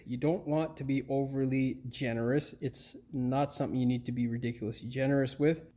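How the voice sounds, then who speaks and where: A man's voice: mid-range voice, a little mellow. A male mechanic giving a casual car repair tutorial, chatty and joking with a crude edge.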